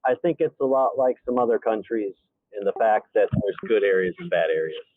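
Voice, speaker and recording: A man speaking in a measured, matter-of-fact way in a casual group voice chat. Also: on the low side, lively intonation, no echo. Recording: phone-like voice chat audio.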